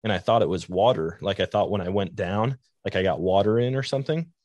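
A man with a low voice hosts a podcast, telling his stories in a casual, meandering way. He leans on "like" as a filler. The sound is dry and close. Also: fast talker, a little mellow, no room sound, highs cut off. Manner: rambling anecdotes with many "like" fillers. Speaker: podcast host. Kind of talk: casual storytelling chat.

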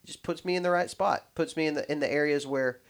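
A man's voice: fairly high pitch, fast. A man in casual podcast chat, talking in loose, rambling sentences full of restarts and fillers.

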